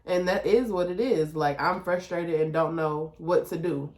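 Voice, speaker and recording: A woman with a Detroit accent co-hosts a podcast in an echoey room, her darkish voice at a moderate pace. She chats candidly and profanely, laughs often, and imitates her child in a high voice.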